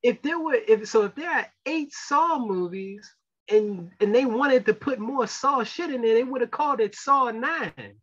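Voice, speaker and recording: A man co-hosting a casual movie podcast, talking emphatically and rambling with restarts before trailing off quietly. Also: very high voice, moderate pace. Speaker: podcast co-host. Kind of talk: casual chat. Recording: dull lo-fi sound.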